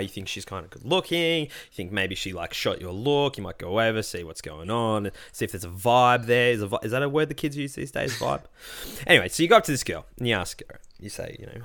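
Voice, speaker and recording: A man's voice: fairly low pitch, fairly bright tone, no echo, studio quality. A man, joking and teasing in a casual podcast chat, acting out little scenarios.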